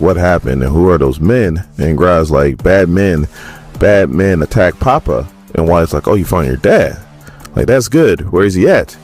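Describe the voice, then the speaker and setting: A man casually recapping a comic book, quoting the characters in quick little voices as he goes. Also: deep voice, slightly rough.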